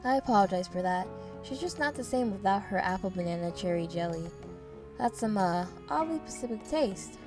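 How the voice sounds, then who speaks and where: A woman's voice: medium pitch, expressive, normal speed, music in the background, lightly acted. A woman voicing a wary villager who speaks in an earnest, cautionary way. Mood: warning. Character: wary village townsperson giving warnings.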